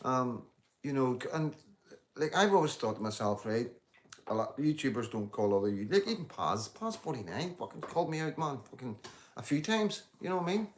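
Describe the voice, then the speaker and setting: A man's voice: medium pitch, big pitch swings, brisk, a little hiss or hum. A man, hosting a casual livestream and talking bluntly to viewers, swearing freely as he reads out their comments. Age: 50s. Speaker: livestream host.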